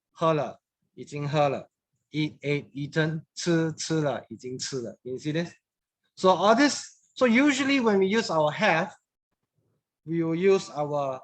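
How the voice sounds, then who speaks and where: High-voiced man teaching English grammar. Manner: patient, repeats phrases, mixes in Mandarin words. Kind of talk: classroom grammar lesson.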